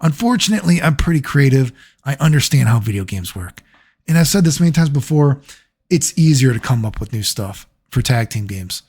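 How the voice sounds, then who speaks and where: A man's voice: medium pitch, very animated, brisk, darkish tone, slightly rough. A man speaking as a gaming YouTuber in casual commentary, rambling and sarcastic, swearing freely.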